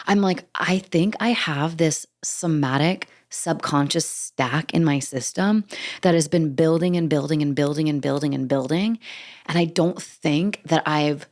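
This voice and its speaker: A woman's voice: sits low, moderate pace. A young adult woman hosting a podcast solo, telling a story in a chatty way, full of fillers and acted-out bits of dialogue. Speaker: podcast host.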